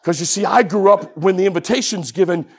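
A man preaching a sermon, telling a story with animation and swinging from hushed tones up to shouting. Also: high voice, brisk.

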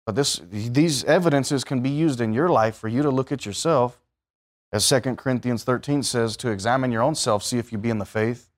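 A man's voice: mid-range voice, a little fast. A man, sounding, preaching a sermon in a conversational way that rises to emphatic bursts and puts questions to the listeners.

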